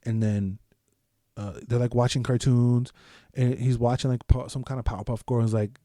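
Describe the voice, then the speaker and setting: A man from the United States hosts a solo podcast in a dark, mellow voice. He rambles casually, swears freely and keeps restarting his sentences. The recording is dry and close, with no room sound. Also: mid-range voice, little pitch movement, moderate pace, no echo. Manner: rambling, loose and profane, with frequent restarts. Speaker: podcast host.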